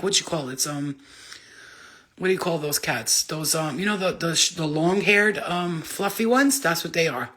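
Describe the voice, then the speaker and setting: A woman chatting casually into her phone camera for a vlog, excitable and rambling, swearing freely as she goes. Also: fairly low pitch. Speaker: vlogger.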